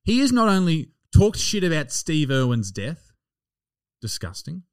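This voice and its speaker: A man's voice: on the high side, very animated, unhurried, clean tone. Sweary Australian man hosting a podcast. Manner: sweary, jokey, laughing. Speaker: podcast host. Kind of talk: casual podcast banter.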